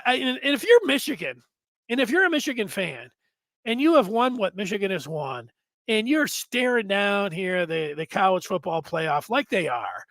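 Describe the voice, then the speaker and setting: A man hosting a sports show, talking through his opinions in a rambling, animated monologue full of self-corrections. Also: high-pitched, no room sound. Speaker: sports podcast host. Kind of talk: casual sports commentary monologue.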